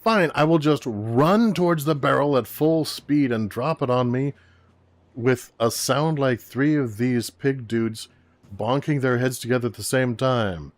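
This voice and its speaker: A young male hero turned self-important revolutionary, declaiming in a deliberately bad French accent, as a man puts him on. The voice sits at an ordinary middle pitch and moves slowly and grandly, as in a game let's play. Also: no room sound, close to an everyday voice. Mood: grandiose. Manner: grandiose, declamatory, talks to enemies. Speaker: game commentator.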